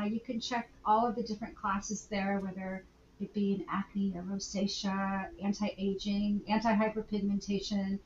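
A woman's voice: medium pitch, reverberant, highs cut off, slight background noise. A woman guest, a skincare instructor, explaining clinical topics in a casual interview, laughing often and using fillers.

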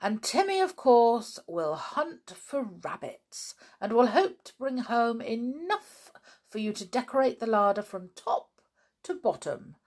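A woman's voice: fairly high pitch, sing-song, slow, a little mellow, pitched above the performer's own voice, full character voice. A woman voicing a cheeky, joking schoolboy in a storybook reading. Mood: teasing.

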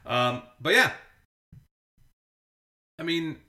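A man's voice: on the high side, animated, extremely slow, bright, forceful tone, echoey room. A man co-hosting a podcast, chatting casually about baseball with dry humor and plenty of self-corrections. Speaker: podcast co-host. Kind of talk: casual sports chat.

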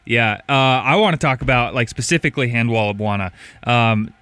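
A man's voice: medium pitch, brisk, a bit bright, smooth. A man co-hosting a casual soccer podcast, telling stories earnestly with plenty of fillers. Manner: earnest, enthusiastic storyteller with fillers. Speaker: podcast co-host. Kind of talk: casual sports chat.

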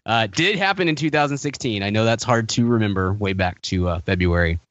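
A man's voice: lowish voice, lively intonation, brisk, a bit bright, no room sound. Wry, rambling podcast guy, lo-fi. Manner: wry, laughs often, rambling restarts. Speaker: podcast co-host. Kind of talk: casual chat.

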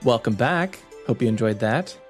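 A man's voice: mid-range voice, animated, normal speed, over music. A man co-hosting a casual gaming podcast, easygoing and laughing often. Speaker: podcast co-host.

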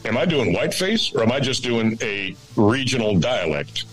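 A radio and voice actor in a casual interview, talking in a rambling, animated way. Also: male voice, medium pitch, moderate pace, few pauses, faint music behind, low-quality recording.

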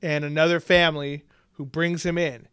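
A man's voice: a little high, little pitch movement, moderate pace, a bit bright, smooth, dry recording, studio quality. A man co-hosting a casual movie chat, laughing often and swearing freely as he rambles. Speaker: podcast co-host.

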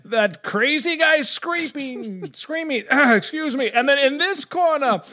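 A man doing a booming ring announcer. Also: lively intonation, full character voice. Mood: hyped. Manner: drawn-out, shouted introductions.

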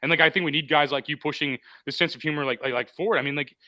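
A man's voice: a little high, fairly even intonation, racing, bright, forceful tone, dry recording. A man hosting a live podcast, talking in a rambling, profane way with many restarts. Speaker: podcast host. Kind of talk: casual live podcast chat.

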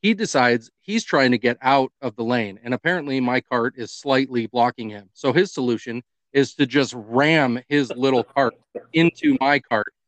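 Here a male podcast co-host, medium in pitch and normal in pace, shares a story over casual talk. He's animated, performing the characters himself, and the recording is dry.

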